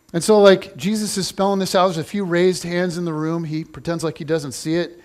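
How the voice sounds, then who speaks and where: A man's voice: sits high, flat delivery, a little fast, few pauses. A man preaching a casual, conversational sermon, playful and chatty, acting out little scenes. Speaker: pastor.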